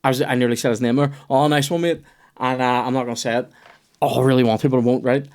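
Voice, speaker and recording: A young man, hosting a comedy podcast and telling a story in a profane, animated way. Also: mid-range voice, rapid-fire. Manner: profane, animated, puts on voices in quoted dialogue.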